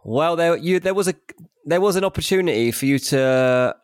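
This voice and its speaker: A man's voice: fairly high pitch, animated, moderate pace, clear, resonant tone, dry recording, studio quality. A young British man co-hosting a podcast, telling self-mocking stories in a chatty, matey way. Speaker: podcast co-host. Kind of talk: casual chat.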